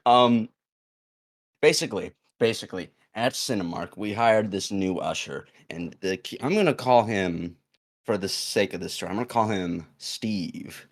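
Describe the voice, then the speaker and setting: A man's voice: lowish voice, moderate pace. A young man casually telling a long story on a podcast, rambling with fillers and restarts and acting out the quoted lines. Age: young adult.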